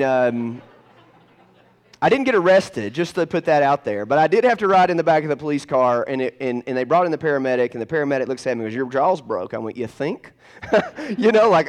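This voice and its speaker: Male pastor, animated sermon storyteller, middle pitch, loud-to-hushed swings.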